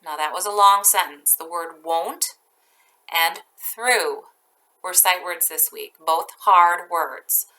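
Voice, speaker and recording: Woman teacher, slow careful dictation, bright clear tone, lowish voice. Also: low-quality recording. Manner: slow, deliberate dictation, stretching each word. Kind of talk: dictating a spelling test.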